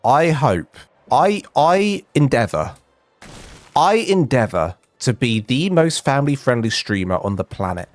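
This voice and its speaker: A young man on a home stream tells a funny, self-mocking tale while gaming, his medium-pitched voice sing-song and measured in pace. The audio has no echo, with faint game music in the background.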